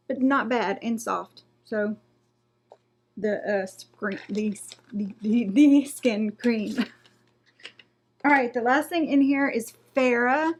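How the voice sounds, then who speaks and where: A woman doing a casual beauty unboxing vlog, reading product blurbs aloud and trailing off and restarting as she goes. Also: medium pitch. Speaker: beauty vlogger.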